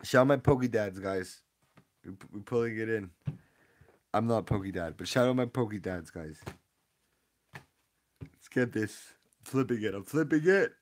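Excitable young man live-streaming. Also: lowish voice, measured pace, pauses often. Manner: excitable, rambling, hypes up the audience. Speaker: streamer opening trading card packs. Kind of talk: casual live-stream chat with viewer shout-outs.

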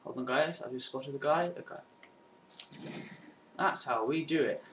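A man's voice: mid-range voice, unhurried. A young man commentating over his own gameplay, muttering to himself and breaking into frustrated outbursts. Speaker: gamer. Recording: echoey room, mic at a distance, faint noise.

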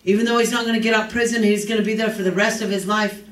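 A man preaching a sermon with impassioned, repetitive phrasing that rises into shouts. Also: sits high, fairly even intonation, racing. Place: church sanctuary. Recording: echoey church from far off.

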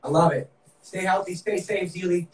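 A man's voice: high voice, steady tone, moderate pace, echoey room, far from the mic, rough recording. A man with a Boston accent hosting a live-streamed game show, hyped up and talking straight to viewers. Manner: upbeat, hyped, talks to viewers.

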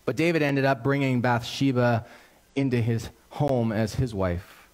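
A male pastor preaching a sermon, telling a story in an animated, conversational and earnest way. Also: medium pitch, unhurried.

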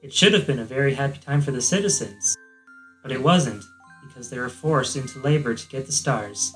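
A man's voice: medium pitch, lively intonation, brisk, faint music behind, natural voice, rough recording. A man doing a mock-seductive female princess voice to read a storybook intro aloud, as a gaming joke. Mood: mock sultry. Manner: soft mock-seductive reading. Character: sultry female cosmic princess narrating a storybook. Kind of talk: comedic let's play voice-over.

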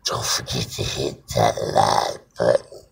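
A very deep, gravelly Cajun man in a grumpy, cussing comedic rant. He drawls slowly, his husky voice swinging widely in pitch. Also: flat delivery, low-quality recording. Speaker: comedic storyteller.

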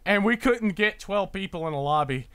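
Lively, jokey male game streamer. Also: sits high, normal speed, a crowd in the background. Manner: jokey, laughs often, rambles with restarts. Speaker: livestream host. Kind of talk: casual gaming chat.

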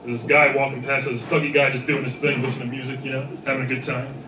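A man doing a stand-up set in front of a live audience, acting out people in loud put-on voices. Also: mid-range voice, quick pace. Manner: animated, acts out people in shouted voices. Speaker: stand-up comedian. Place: live comedy venue with audience laughter. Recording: echoey room recorded from far off with background noise.

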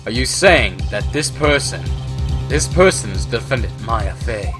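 A man's voice: medium pitch, expressive, measured pace, natural voice. A man voicing a stern, formal older male courtroom judge, reading game dialogue aloud over game music.

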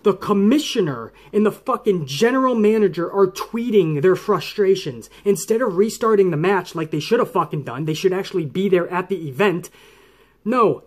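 Angry man ranting, high-pitched voice. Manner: angry, swearing, mocks referees in put-on voices. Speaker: wrestling commentary host. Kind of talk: profane ranting commentary.

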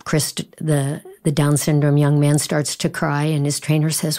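A woman's voice: low voice, level tone, measured pace, mellow. A woman hosting a devotional podcast, telling stories in an earnest, encouraging way with some fillers and restarts. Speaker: podcast host.

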